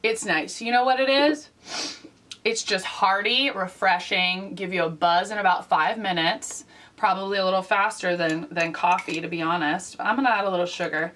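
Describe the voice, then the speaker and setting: A woman hosting a casual comedic vlog, delivering wry, deadpan asides. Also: medium pitch, normal speed, recorded from a distance. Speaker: vlog host.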